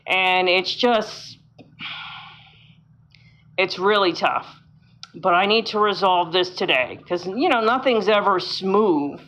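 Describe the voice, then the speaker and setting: A woman's voice: mid-range voice, fairly bright tone. A woman vlogging casually from a hotel room, rambling with many fillers and sounding frustrated. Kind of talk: casual vlog monologue. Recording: dull lo-fi sound.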